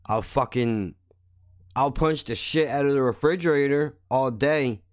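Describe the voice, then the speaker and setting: A man's voice: medium pitch, measured pace, no room sound. Blunt, swearing man ranting close to the mic. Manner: blunt, heated, swears constantly. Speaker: podcast host. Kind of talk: angry profane monologue.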